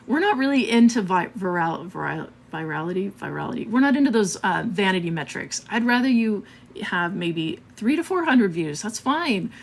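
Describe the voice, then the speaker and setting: A woman's voice: medium pitch, big pitch swings, normal speed, vocal fry. A woman hosting a live marketing stream, talking casually and a bit scattered, laughing often and checking in with "okay?".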